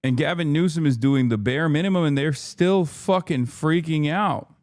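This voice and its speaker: A man's voice: fairly high pitch, normal speed, darkish tone. A man hosting a livestream, ranting in frustrated, profane political commentary. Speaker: livestream host.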